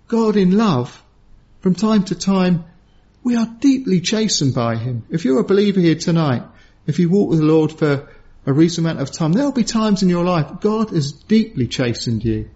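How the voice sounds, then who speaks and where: A man's voice: high voice, a little mellow. A man preaching an evening sermon to a congregation in an earnest way, often repeating a word while he finds the next. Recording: dull lo-fi sermon recording.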